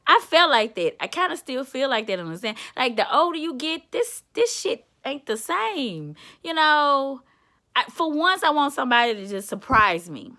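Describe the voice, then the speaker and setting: Woman motivator, vlog storyteller: bright tone, lively swooping pitch, candid and chatty. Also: moderate pace. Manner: candid, chatty, calls listener honey and baby. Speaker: self-described motivator.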